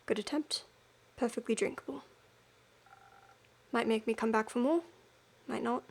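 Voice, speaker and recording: A woman's voice: a little high, lively intonation, a little fast, darkish tone, breathy edge. A woman voicing a shady tavern customer in a put-on Cockney accent, speaking tersely and grudgingly.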